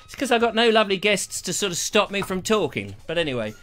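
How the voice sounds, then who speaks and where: A man's voice: high voice, very animated, quick pace, fairly bright tone, faint music behind. A man hosting his live show, talking casually and playfully, rambling from one joke to the next. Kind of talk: casual live-stream chat.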